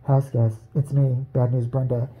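A man voicing a deadpan, weary woman producer who gives grim announcements in a flat, exasperated way. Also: medium pitch, moderate pace, pitched below the performer's own voice, lightly acted, poor audio.

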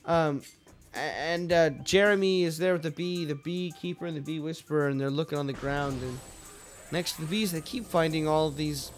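A man hosting a let's play tells a winding story in a slightly high voice, stumbling through fillers and restarts and dropping casual curses. Faint game music plays underneath him. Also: moderate pace. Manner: meandering, lots of fillers and restarts, swears casually. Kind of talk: rambling casual storytelling while gaming.

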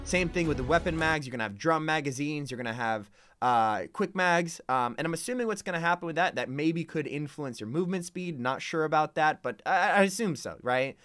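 A man doing live, excitable reaction commentary as a gaming streamer, chatting with his viewers. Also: a little high, brisk. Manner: excitable, chatty, addresses chat.

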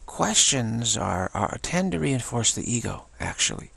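A man's voice: medium pitch, sing-song, a little slow, a bit bright, no echo. An older man giving a spiritual talk, repeating himself and restarting phrases often. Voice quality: gravelly, husky. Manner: repetitive, stammering restarts. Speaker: spiritual teacher.

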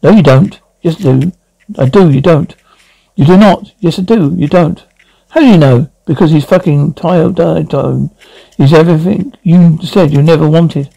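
A man plays a weary, sardonic male writer in an amateur radio drama. The voice is gravelly and dark. He talks in a wry, self-mocking way and swears freely. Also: on the high side, moderate pace, no echo, low-quality recording. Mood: pleading.

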